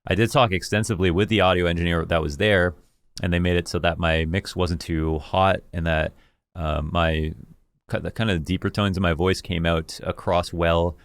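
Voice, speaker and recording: A man, an esports caster, thoughtfully reviewing his own commentary in a deep voice, enunciating carefully. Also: fairly even intonation, moderate pace, smooth, no echo, clean studio sound. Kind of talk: reflective self-review.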